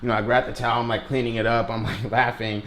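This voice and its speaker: A young man telling a storytime vlog in an animated way, full of "you know what I'm saying". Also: mid-range voice, fast talker. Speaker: vlogger.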